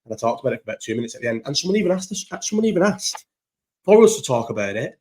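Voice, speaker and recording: Rapid-fire and sing-song, this young man's mid-range voice has a darkish tone. Recording on his own setup at home, perhaps not through the mic, he rambles in a casual vlog chat full of casual swearing, restarts, and trailing thoughts.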